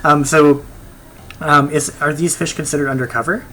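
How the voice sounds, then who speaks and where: Bright-voiced hesitant man playing a game. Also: on the high side, fairly even intonation, moderate pace, slight background noise, poor audio. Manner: hesitant, many ums, laughs. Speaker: player. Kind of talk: casual tabletop play.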